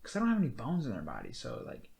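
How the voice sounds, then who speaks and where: A man's voice: mid-range voice, wildly swooping pitch, very fast, gravelly, darkish tone. A man hosting a casual podcast, talking in an easygoing, rambling way. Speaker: podcast host.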